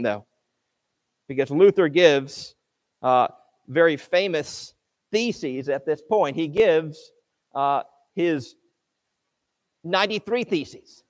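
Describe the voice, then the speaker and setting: A man preaching a conversational sermon, full of rhetorical questions and offhand asides. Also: on the high side. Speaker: pastor.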